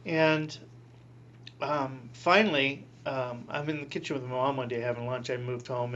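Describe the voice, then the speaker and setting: A middle-aged man, a priest, telling his story in an interview with animated delivery and acted-out quotes. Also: mid-range voice. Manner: animated, acts out quoted voices with laughing asides. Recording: dull lo-fi recording with faint hum.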